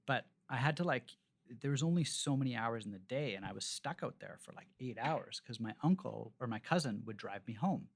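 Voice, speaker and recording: A man with a gravelly, creaky voice at a middling pitch tells loose, rambling stories from his working life. He talks casually, with lots of fillers and self-corrections, as a guest on an interview podcast. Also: brisk, slight background noise. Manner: rambling, animated anecdotes with frequent fillers and restarts.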